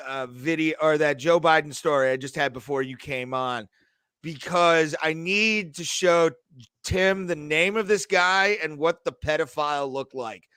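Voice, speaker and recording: A man's voice: on the high side, sharp tone, smooth, no room sound, studio quality. A man hosting a podcast in casual, rambling, joking chat, laughing often. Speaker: podcast host.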